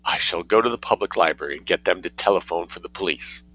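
A man's voice: deep voice, fast, full character voice, rough recording. A man voicing a prim, indignant lady who scolds sharply in a storybook reading. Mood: outraged. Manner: haughty, sharp-tongued, easily outraged.

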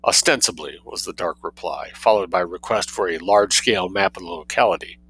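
A man reading a short story aloud in an expressive way, dropping in casual asides. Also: deep voice, quick pace, slightly rough, low-quality recording. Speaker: reader.

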